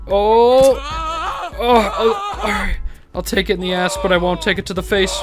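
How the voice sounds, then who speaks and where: A man commentating a game casually, excitable, swearing, laughing and yelping apologies to the characters. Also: sits high, normal speed, music in the background. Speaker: gaming YouTuber. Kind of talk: casual let's play commentary.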